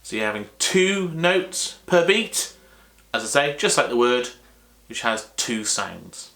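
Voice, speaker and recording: A man teaching drum rhythms in a patient, unhurried way, repeating words to show each beat. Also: medium pitch, animated, vocal fry, bright, forceful tone. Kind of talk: relaxed music lesson.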